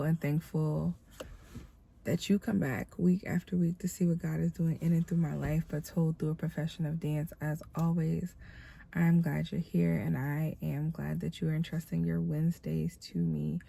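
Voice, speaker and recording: A woman's voice: sits low, level tone, normal speed, gravelly, mellow, slightly rough. A tired, congested woman who sounds a little nasal, hosting a casual devotional vlog with a reflective, encouraging manner. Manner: reflective, encouraging, many fillers. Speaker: dancer and vlogger.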